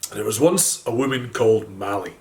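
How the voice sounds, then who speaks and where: A man with a Scottish accent telling a folk tale in a gentle, animated storytelling manner. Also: on the low side, fairly quick. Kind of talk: storytelling narration.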